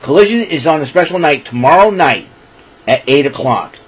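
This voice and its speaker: A man hosts a casual wrestling recap show, chatting and rambling and breaking into fits of laughter. His slightly high, husky voice is animated and moves at normal speed, though the recording is rough.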